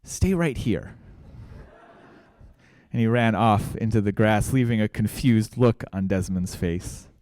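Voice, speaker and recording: Male guest preacher, storytelling sermon, smooth dry voice. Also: lowish voice, steady tone, normal speed, hardly any pauses, darkish tone, dry recording. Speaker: guest speaker.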